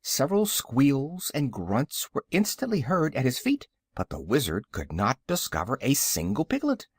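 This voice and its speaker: Man reading a storybook aloud, animated, lively pitch, dry close sound. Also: moderate pace, husky, no echo. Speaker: audiobook narrator. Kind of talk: storybook narration.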